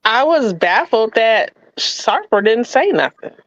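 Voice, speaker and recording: A woman's voice: a little high, big pitch swings, unhurried, dull audio. A woman co-hosting a casual review chat, making blunt, dry remarks. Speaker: co-host.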